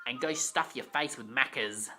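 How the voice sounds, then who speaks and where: A reader voicing a gloating male demon steam engine villain who talks in a slow, drawn-out, mocking way, in an amateur storybook reading. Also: mid-range voice, pushed and bright, soft background music, lightly acted.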